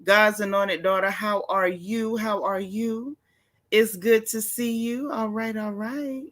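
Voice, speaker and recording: A woman's voice: mid-range voice, fairly even intonation. Chatty gossip-stream woman greeting her viewers. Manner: chatty, greets viewers by name, drawn-out repeated phrases. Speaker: livestream gossip host. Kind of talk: casual live-stream chat.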